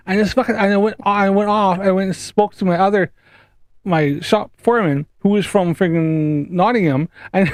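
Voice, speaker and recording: Animated Canadian man with a Scouse lilt. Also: sits high, moderate pace, no echo. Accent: Canadian, with some Scouse. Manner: animated storyteller, swears freely, laughs. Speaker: guest. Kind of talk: casual chat.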